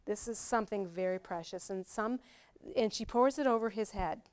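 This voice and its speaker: A middle-aged woman teaching a Bible study in a chatty, lively way, often laughing as she explains. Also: mid-range voice, moderate pace.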